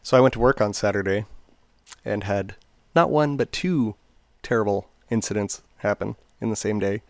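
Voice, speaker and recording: A man's voice: fairly low pitch, normal speed, faint music behind. A man telling rambling, casual stories on a podcast. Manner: rambling, chatty, many fillers. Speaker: podcast co-host. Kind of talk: casual storytelling chat.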